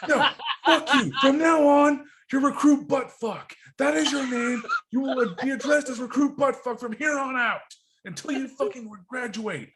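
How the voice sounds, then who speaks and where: A man's voice: very high voice, normal speed, noisy background, pitched above the performer's own voice. Man impersonating a screaming drill instructor. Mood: screaming insults. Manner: screaming, profane, contemptuous. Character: furious, foul-mouthed male Marine drill instructor.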